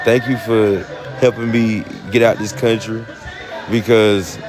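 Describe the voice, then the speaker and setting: A man's voice: fairly low pitch, little pitch movement, a little slow, a crowd in the background. A man with a Southern US accent talking casually on a phone live stream, rambling with many fillers and laughs. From United States. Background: music.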